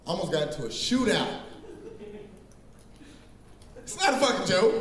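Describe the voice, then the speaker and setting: Open-mic comic from Middletown, Ohio; high, jumpy delivery, profane, shouts at the room; roomy, distant phone recording. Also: male voice, a little slow, pauses often. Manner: profane, animated storytelling with shouted asides to the crowd. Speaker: stand-up comedian. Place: small bar at an open-mic night. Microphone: phone set down near the stage. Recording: roomy bar recorded from far off, faint noise.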